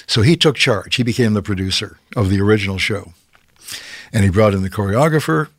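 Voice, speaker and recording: An older man from Canada, a guest telling stories in casual conversation, a lively raconteur who keeps checking in with "okay?". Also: fairly low pitch, a little fast, no echo, clean studio sound. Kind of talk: casual anecdotal storytelling.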